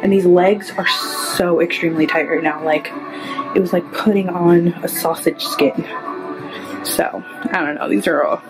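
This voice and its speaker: Her voice fairly low, steady, and measured, a young woman films a casual try-on haul in a store fitting room and later in a car, giving blunt, honest takes on each item's fit. Music runs in the background of the low-quality recording.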